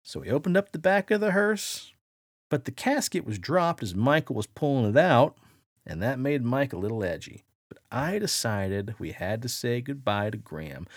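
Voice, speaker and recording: A man hosting a podcast, spinning a dramatic first-person yarn with a gravelly, creaky edge and a voice that swoops up and down. He sounds close and dry on the mic, with no room around him. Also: mid-range voice, dry recording. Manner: animated, acts out quoted voices. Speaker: podcast host.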